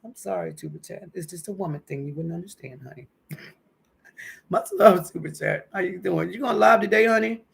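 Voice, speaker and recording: Gravelly-voiced woman chatting with viewers. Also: fairly low pitch, moderate pace. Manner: emotional, chatty, calls viewers honey and baby. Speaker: livestream host. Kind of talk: casual livestream chat. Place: at home indoors.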